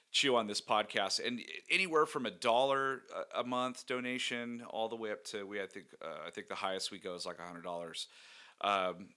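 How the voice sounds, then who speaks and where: A man's voice: fairly low pitch, sharp tone. A man co-hosting a casual podcast, joking and rambling with lots of fillers and laughter. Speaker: podcast co-host.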